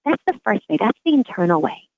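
A woman's voice: mid-range voice, fairly quick, dry recording. Earnest middle-aged woman on a thin phone line. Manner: earnest, animated, acts out remembered dialogue. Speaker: psychiatrist and author, interview guest. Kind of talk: reflective interview answers. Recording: dry, phone-like narrow sound.

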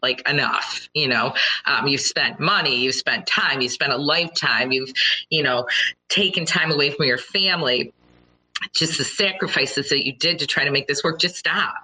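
Middle-aged woman, low and bright, earnest motivational speaker who acts out reactions in her stories. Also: normal speed, low-quality recording. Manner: earnest and storytelling, with animated quoted reactions. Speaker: speaker addressing listeners. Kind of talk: motivational talk.

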